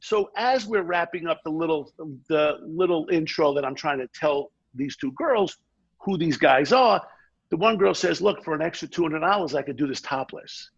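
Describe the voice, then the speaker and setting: Brief: middle-aged man, gravelly husky voice, pitched a bit high, animated storyteller, dull lo-fi podcast sound. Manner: fast, energetic anecdote-telling with quoted asides. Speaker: podcast guest.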